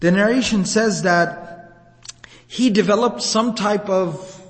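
A man's voice: sits high, takes it slowly. A man retelling an old account as a religious teacher, in a casual, vivid, conversational lecture style. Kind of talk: storytelling lecture. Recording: long hall reverb.

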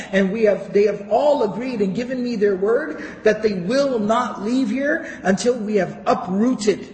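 An Islamic lecturer with a high, slightly mellow voice retells history in story form, reciting Arabic passages and then translating them. The recording carries the echo of a hall.

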